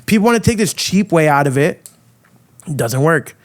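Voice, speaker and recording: A man hosting a podcast, delivering a loud, crude, provocative rant full of swearing. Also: a little high, lively intonation, moderate pace. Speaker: podcast host. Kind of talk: ranting monologue.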